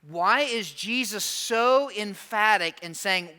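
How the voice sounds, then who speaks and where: A man pastor preaching a sermon, animated and emphatic, sometimes dropping to slow quiet asides. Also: high voice. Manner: animated, acts out quoted prayers in a raised voice.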